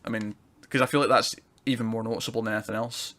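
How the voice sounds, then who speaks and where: A man's voice: lowish voice, steady tone, fast talker, fairly bright tone. A man, co-hosting a casual TV review chat, rambling and laughing often. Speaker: podcast co-host reviewing TV.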